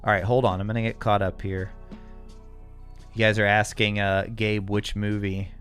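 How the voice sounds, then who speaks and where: A man's voice: on the low side, little pitch movement, normal speed, fairly bright tone, faint music behind. An American man hosting a live stream, chatting casually and answering viewers' comments with frequent chuckles. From United States. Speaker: livestream host. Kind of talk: casual live-chat talk.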